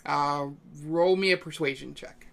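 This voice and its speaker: Young man running a tabletop game, halting. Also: a little high, a bit bright, clean tone. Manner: hesitant, many ums and uhs. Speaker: game master.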